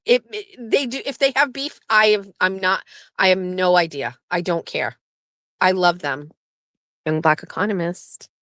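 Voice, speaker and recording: A woman's voice: lowish voice, no echo, studio quality. A woman hosting her own livestream show, chatting in a rambling, blunt and profane way as she jumps between topics. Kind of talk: rambling casual livestream chat.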